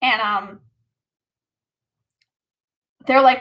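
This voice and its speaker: A woman's voice: a little high, fairly even intonation, slow, bright, forceful tone. A woman vlogger casually telling a personal story, rambling with lots of fillers.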